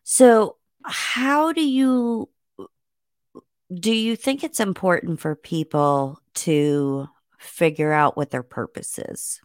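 A woman's voice: on the low side, takes it slowly, no room sound. A woman hosting an interview, asking questions and affirming her guest thoughtfully. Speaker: host. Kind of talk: casual interview.

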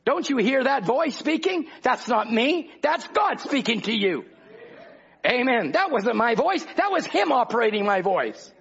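A man's voice: extremely high pitch, big pitch swings, a little slow, vocal fry, a bit bright, breathy edge. A man preaching a fervent revival sermon, calling out to the congregation in rhythmic bursts. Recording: dull lo-fi old recording.

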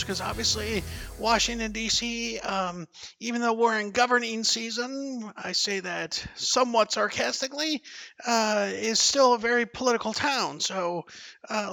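A man's voice: very high voice, vocal fry, sharp tone, rough recording. A man hosting a podcast, leading a casual political discussion in a wry, conversational manner. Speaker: podcast host.

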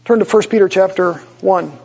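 Male Bible teacher, high gravelly voice, emphatic slow scripture reading, muffled lo-fi sound. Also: fairly even intonation, mellow, a little hiss or hum. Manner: reads scripture slowly with rising emphasis, asks the audience questions. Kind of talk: Bible study sermon. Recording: dull lo-fi recording.

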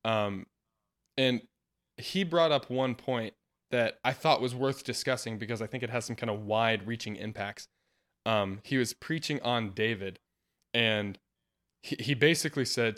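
A man hosting a casual podcast discussion about faith, earnest, laughing often and getting animated when quoting others. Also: medium pitch, a little slow. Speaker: podcast host.

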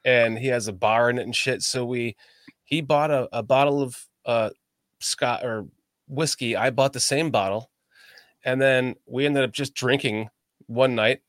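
A man from the Chicago area with a Chicago accent, hosting a casual podcast chat and telling stories in a loose, profane, animated way. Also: medium pitch, a little slow, no echo, studio quality. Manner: profane, animated storyteller, laughs often. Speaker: podcast host. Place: lives in the American South.

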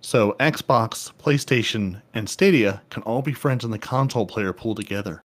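A man's voice: on the low side, normal speed. A man co-hosting a casual gaming podcast, paraphrasing update notes playfully and often stumbling into restarts. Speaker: podcast co-host.

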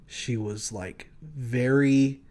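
A young man co-hosting a podcast, telling stories in a loose, animated way, laughing often and acting out voices. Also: medium pitch, drawn-out words. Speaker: podcast co-host. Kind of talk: casual chat.

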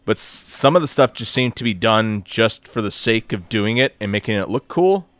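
A man co-hosting a podcast in casual chat, animated and profane, mocking others in quoted voices. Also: on the low side, normal speed, clear, resonant tone, no room sound. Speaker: podcast co-host.

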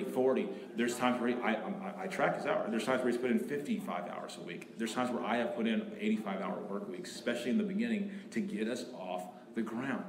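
A man preaching a sermon as pastor, emphatic and animated, often repeating and restarting his phrases. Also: lowish voice. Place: church sanctuary. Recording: echoey room.

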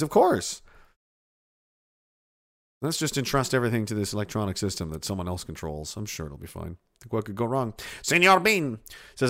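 A man chats casually on a livestream, reading comments aloud. His delivery is sarcastic and profane, and it wanders from point to point. His pitch rises and falls with lively swings. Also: normal speed. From Canada. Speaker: streamer reading chat.

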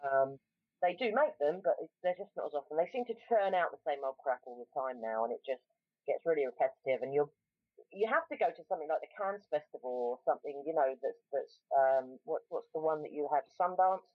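A woman's voice: sits low, lively intonation, a little fast, no echo. A woman with a South London accent telling a story in a casual chat, rambling with lots of ums and restarts. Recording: tinny phone-like line, dry.

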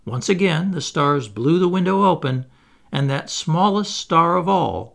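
Gravelly, expressive male storyteller. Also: fairly high pitch, unhurried. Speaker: audiobook reader. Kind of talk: storybook narration.

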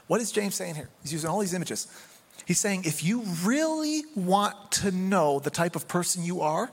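Guy preaching, chatty and animated, kinda high voice, echoey hall. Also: moderate pace, husky. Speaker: pastor. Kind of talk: sermon.

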